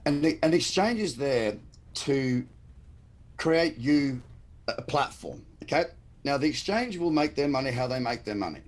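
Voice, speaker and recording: An Australian man speaks with blunt, emphatic passion, laying out his points like a straight-talking trading mentor. His voice has a husky, slightly rough edge. His pitch sits in the ordinary middle range for a man. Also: lively intonation, normal speed. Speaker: guest trader and educator. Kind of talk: livestream interview chat.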